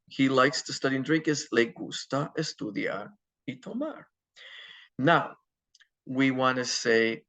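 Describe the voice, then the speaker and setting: Gravelly-voiced man teaching a lesson. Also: mid-range voice, a bit bright, highs cut off. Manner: patient, stepwise explaining with fillers and self-corrections. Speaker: Spanish teacher. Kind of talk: recorded classroom lecture.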